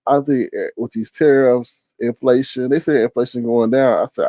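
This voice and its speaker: A man's voice: mid-range voice, normal speed, mellow, no room sound. A man hosting a live stream, reading viewers' chat and talking back bluntly in loose, slangy casual commentary. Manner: chatty, talks straight to viewers by name, slangy and blunt.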